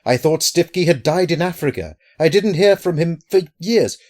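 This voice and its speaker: A man's voice: a little high, animated, normal speed, a little mellow, voice pushed up, lightly acted. A man voicing a terrified, furtive man hiding from an enemy, whimpering and sly by turns. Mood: confessing. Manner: whimpering, then sly and cunning.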